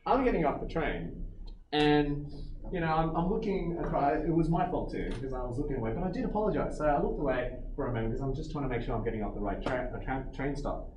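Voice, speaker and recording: Animated man telling a story in an echoey room. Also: on the high side, quick pace. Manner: animated, acts out quotes, laughs a lot. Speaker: storyteller recounting a trip. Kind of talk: casual anecdotal chat. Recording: roomy echo, distant mic, background noise.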